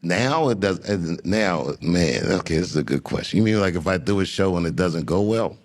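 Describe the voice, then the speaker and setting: A man who is a comedian, telling a long story in an interview in an unhurried, musing way with frequent restarts. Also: low-pitched, animated. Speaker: comedian guest.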